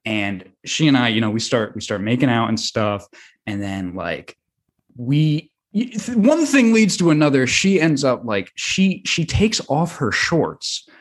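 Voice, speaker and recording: A young American man telling a rambling, animated story on a podcast, full of fillers and swearing. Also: medium pitch, unhurried. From United States. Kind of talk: casual storytelling.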